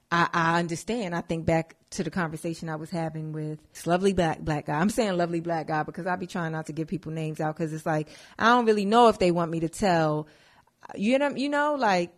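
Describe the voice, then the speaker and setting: A woman in her twenties hosting a podcast, talking casually and with feeling, swearing freely and jumping from one topic to the next. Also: medium pitch. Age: 20s. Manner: chatty and animated, swearing freely, drifting between topics. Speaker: podcast host. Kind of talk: casual monologue.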